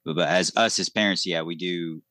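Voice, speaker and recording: A man with a low voice co-hosts a relaxed podcast, sharing stories in an easygoing way. The recording is dry, with little room sound. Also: brisk, no echo. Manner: anecdotal, easygoing storytelling. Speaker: podcast co-host. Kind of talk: casual podcast discussion.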